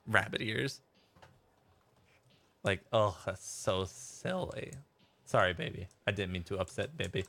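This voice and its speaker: Streaming a game, a man talks casually in a lowish voice that sounds pushed and bright. He's chatty and rambling, laughs along the way, and reads chat messages out loud.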